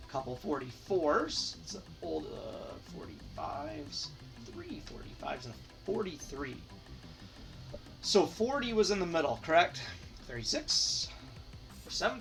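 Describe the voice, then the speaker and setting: Here a channel host from Michigan, United States, who collects hockey cards, offers easygoing commentary as he sorts and counts them aloud. He sounds a bit bright and on the high side, sitting far from the mic.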